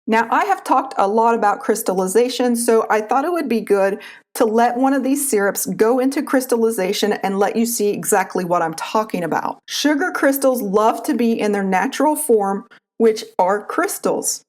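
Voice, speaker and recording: A woman with an Appalachian accent, calmly explaining a recipe step by step as a cooking channel host. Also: a little high, normal speed. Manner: calm, instructive, homespun. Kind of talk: recipe tutorial voice-over.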